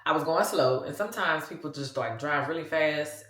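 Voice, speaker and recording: A woman's voice: sits low, expressive, normal speed, fairly bright tone, reverberant. A woman in her forties with a Louisiana accent, chatting casually to her viewers in a vlog and calling them "y'all". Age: 40s. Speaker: vlogger.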